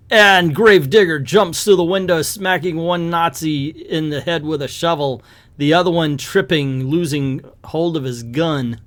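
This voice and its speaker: A man's voice: a little high, unhurried, a bit bright. A man reviewing a comic book in casual commentary, hesitant and rambling, with many fillers.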